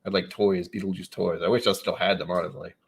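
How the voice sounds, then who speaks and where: A man from New England chatting casually on a live stream. He reads out viewer comments and rambles along with wry, sudden animated asides. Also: low voice, fast, slight background noise.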